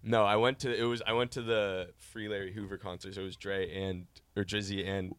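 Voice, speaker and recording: A young man guest on a podcast, telling stories in a relaxed, rambling way full of filler words. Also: fairly low pitch, brisk, clear, resonant tone. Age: young adult. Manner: relaxed storytelling, lots of likes and filler. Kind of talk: casual chat.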